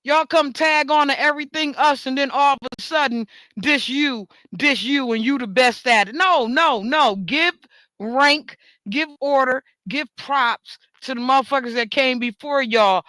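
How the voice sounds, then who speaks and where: A woman rants straight into the mic in a high, bright voice. She swears freely and repeats words for emphasis, and the dry recording has no room sound. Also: unhurried, dry recording. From New York. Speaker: talk show host. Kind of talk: ranting monologue.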